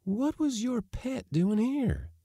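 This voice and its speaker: A man voicing a proud young ranch woman and sharpshooter who speaks in a deliberate, sugary, mocking way in a storybook reading. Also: extremely high pitch, sing-song, dark tone, dry recording, clean studio sound, voice pushed up, heavily acted. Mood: suspicious.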